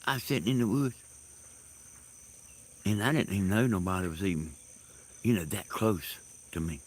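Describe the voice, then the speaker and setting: A man telling rambling stories in a casual monologue, halting and laughing loudly at his own tales, recorded outdoors in the countryside. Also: low voice. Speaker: host. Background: crickets and insects.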